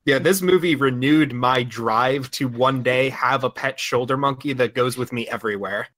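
A man chats casually and jokily as a podcast co-host. His voice has an average pitch and is recorded dry and close, with no room echo. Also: moderate pace, a bit bright.

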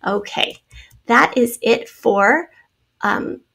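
A woman's voice: a little high, drawn-out words, creaky, sharp tone, breathy edge. A woman teaching a spelling lesson to children, explaining each word patiently step by step.

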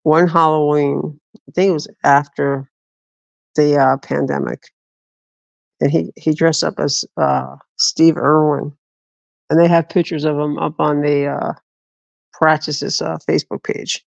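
Gravelly guy rambling thru stories, restarts a lot, dull dry lo-fi sound. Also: fairly high pitch, flat delivery, measured pace, long pauses, no room sound. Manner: rambling, with frequent restarts and laughs. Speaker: vlogger. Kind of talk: casual storytelling.

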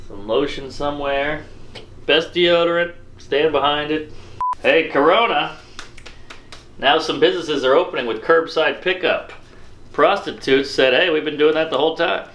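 A male stand-up comedian chatting casually to the camera backstage and in a hotel room, rambling and joking and quick to get excited. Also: a little high, a little hiss or hum.

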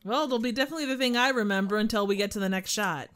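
A woman guest on a casual film commentary, reacting in an animated, laughing way. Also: mid-range voice, very fast.

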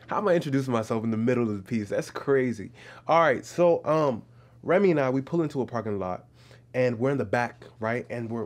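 A young man, a travel vlogger, telling a story in a casual voiceover and acting out the people he met. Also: medium pitch. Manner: animated, acts out other people's voices while telling a story.

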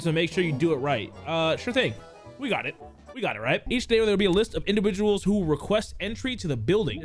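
Young male gamer, high, bouncy voice, yells and swears at the game, faint music behind. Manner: loud, excitable, swears a lot, talks to chat; reads game text aloud in a calmer voice. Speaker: gaming YouTuber. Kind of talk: casual gameplay commentary.

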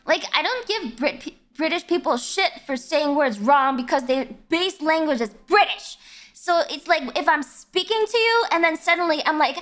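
High-voiced young woman ranting on stream. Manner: ranting, blunt, swears a lot; animated, breaks into yelps. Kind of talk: casual livestream chat.

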